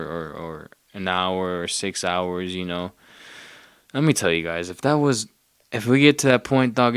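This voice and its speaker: Low smooth-voiced man rambling casually. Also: a bit bright, no echo, studio quality. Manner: loose, profane, loses his train of thought. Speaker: podcast host.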